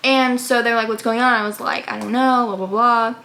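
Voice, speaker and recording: A young adult woman tells a personal story in a casual vlog, rambling, saying "like" constantly and acting out what people said. Her voice is on the high side, steady, brisk, bright and forceful.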